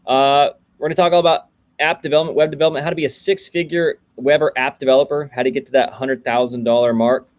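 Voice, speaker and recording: A man's voice: a little high, fairly even intonation, fast. Chatty man hosting a coding livestream. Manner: greets viewers by name, loose and chatty. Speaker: livestream host, coding coach. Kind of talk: casual livestream chat.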